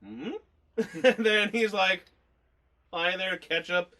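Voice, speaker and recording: A man's voice: sits high, takes it slowly, pushed and bright. A man co-hosting a casual movie review chat, rambling, swearing freely and laughing as he talks.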